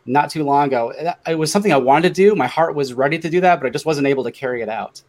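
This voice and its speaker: A man's voice: a little high, rapid-fire. A man in his fifties, a guest fitness coach talking earnestly on a podcast with self-deprecating humor. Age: 50s. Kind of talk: casual podcast chat.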